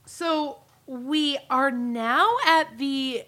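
Female podcast co-host; bright, chatty storyteller who recaps plots. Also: high voice, very slow. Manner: storytelling recap, quotes characters, laughs often. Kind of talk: casual movie recap chat.

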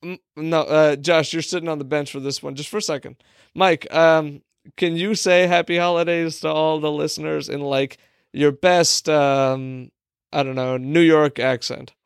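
A man's voice: a little high, steady tone, normal speed, clean tone, dry recording, clean studio sound. A man co-hosting a podcast, teasing the others and directing the banter. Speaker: podcast co-host. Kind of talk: casual banter.

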